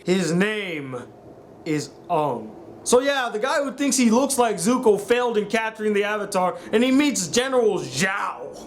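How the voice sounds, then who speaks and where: High-voiced young man ranting sarcastically. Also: animated, normal speed, few pauses, slight background noise. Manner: sarcastic, exasperated, mocks lines in put-on voices. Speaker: film reviewer. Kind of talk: ranting film review.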